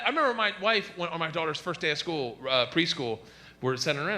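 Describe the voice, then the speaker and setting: A middle-aged man doing a stand-up comedy set, telling stories loudly and acting out quoted lines in shifting voices. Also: on the high side, lively intonation, quick pace. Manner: loud storytelling, acts out quotes in shifting voices. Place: comedy stage before a laughing audience. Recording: live stage mic with audience noise.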